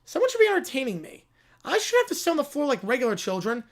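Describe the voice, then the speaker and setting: Text-to-speech lady doing a bratty little girl, high whiny voice, sulks and yells about everything. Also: big pitch swings, quick pace. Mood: sulky. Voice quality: high, whining and petulant. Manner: sulky complaining, outbursts of shouting. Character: whiny spoiled little girl, jealous and demanding.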